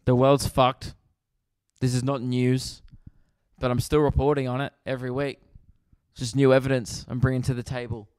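An Australian man hosting a comedy podcast, delivering an animated, profane, exasperated rant in a monologue. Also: medium pitch, normal speed, smooth, no echo, studio quality.

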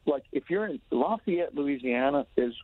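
A man's voice: a little high, animated, moderate pace, dry recording. A man from Tennessee with a Southern accent, calling in to a radio interview and talking in a rambling, enthusiastic way full of restarts. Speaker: touring musician guest calling in. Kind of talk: casual phone interview. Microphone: telephone. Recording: tinny phone line, dry.

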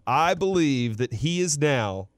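A man hosting a sports radio show in a studio, pausing on "uh" fillers and turning animated as he retells a story. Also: a little high, no room sound. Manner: halting, many "uh" fillers, animated when retelling. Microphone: studio microphone.

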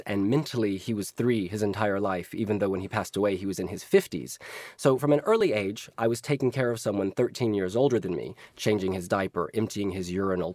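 A man as an interview guest, telling stories in a vivid, expressive way and laughing now and then. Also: on the low side, dry recording, clean studio sound. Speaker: guest author. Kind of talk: interview conversation.

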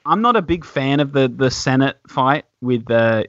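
A man talks relaxed and hesitant, with many ums, on a casual podcast. His voice sits at a middling pitch. The sound is dull and lo-fi, in a dry room. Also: normal speed, no room sound. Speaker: podcast co-host. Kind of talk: casual chat.

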